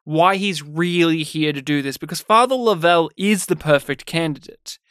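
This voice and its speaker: A man's voice: a little high, normal speed, clear, resonant tone, dry recording, studio quality. An Australian man co-hosting a film podcast, talking animatedly about a movie and laughing often. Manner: animated, acts out scenes in voices, laughs often. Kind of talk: casual film review chat.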